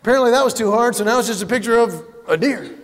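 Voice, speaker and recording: A man's voice: very high voice, expressive, rapid-fire, in a large hall, noisy background. A middle-aged man performing a stand-up comedy routine, telling stories and jumping into exaggerated voices for punchlines.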